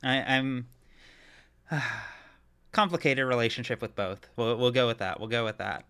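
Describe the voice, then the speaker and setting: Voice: medium pitch, moderate pace, bright, forceful tone, smooth. A streamer casually chatting and leading a group game reading, rambling and self-interrupting with swearing. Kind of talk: casual chat.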